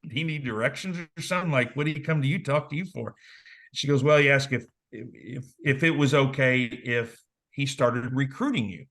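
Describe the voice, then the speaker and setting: A man in his forties from southern Indiana spins stories from his playing days in a relaxed interview. He talks casually, in a mid-range voice. He acts out the people he quotes. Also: mid-range voice, normal speed. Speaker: interview guest, former basketball player. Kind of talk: casual storytelling.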